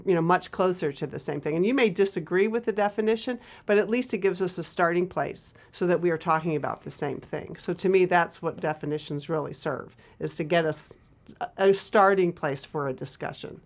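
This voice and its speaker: A woman co-hosting a TV talk show, explaining ideas thoughtfully with frequent pauses and restarts. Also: fairly low pitch. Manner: thoughtful, hesitant, many fillers and restarts. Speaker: co-host and author. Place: local TV studio.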